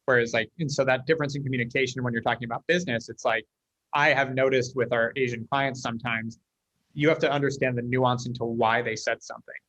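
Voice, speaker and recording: A man from the United States, a guest in a casual interview, telling stories quickly and acting out the dialogue. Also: medium pitch, no room sound, rough recording. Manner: fast, animated storyteller acting out dialogue. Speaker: guest, company leader.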